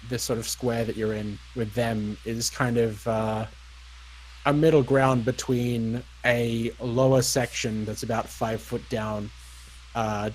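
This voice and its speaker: A young man narrating as dungeon master, relaxed and hesitant, with frequent ums and uhs. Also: mid-range voice, slight background noise, low-quality recording. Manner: unhurried, lots of ums and uhs. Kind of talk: narrating a tabletop game.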